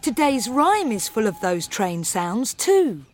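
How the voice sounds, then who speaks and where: A woman presenting a children's program, singing and speaking in a slow, gentle, sing-song way. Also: fairly high pitch, very animated.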